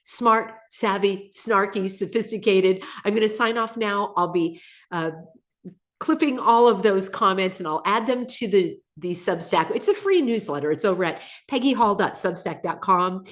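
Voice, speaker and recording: A woman hosting a live stream, chatting casually, laughing often and reading viewer comments aloud, slightly under the weather. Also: a little high. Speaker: channel host.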